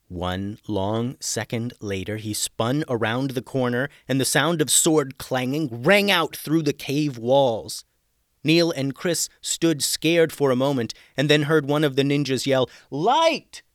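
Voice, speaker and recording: A man hosting and narrating a children's adventure story with an expressive read-aloud manner. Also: on the low side, no room sound, clean studio sound. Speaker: storyteller host.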